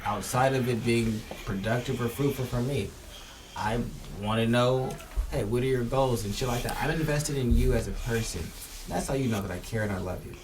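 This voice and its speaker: A man's voice: mid-range voice, moderate pace, distant mic, noisy background. A man co-hosting a podcast, speaking emphatically and profanely about what love looks like. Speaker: podcast co-host. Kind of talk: casual chat.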